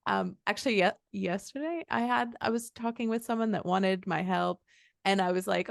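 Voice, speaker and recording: A woman's voice: fairly low pitch, moderate pace, creaky, no room sound, studio quality. A woman hosting a podcast who responds enthusiastically and laughs as she chats. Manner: enthusiastic, laughs while talking. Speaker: podcast host. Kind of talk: casual conversation.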